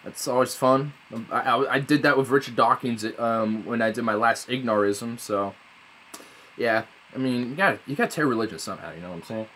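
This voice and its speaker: A young man rambling through a casual vlog, swearing a lot, sarcastic and prone to sudden loud high outbursts. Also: a little fast, slight background noise. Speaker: vlogger.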